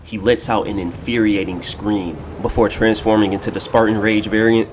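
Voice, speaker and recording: A man narrating a fan-made game story in a steady, descriptive storytelling manner. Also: lowish voice, moderate pace, background noise. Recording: loud music under the voice.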